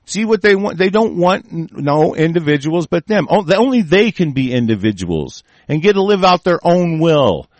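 A man's voice: fairly high pitch, sing-song, moderate pace, hardly any pauses, no room sound. A man hosting a political broadcast, delivering an angry, profane rant full of restarts and repetition. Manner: profane, heated, repeating himself. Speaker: host of an online political broadcast.

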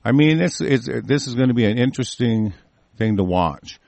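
This American man speaks at normal speed in a medium-pitched, expressive voice with vocal fry and a darkish tone. He's heated and profane, cursing constantly in an angry monologue broken up by news he reads aloud, with no room sound.

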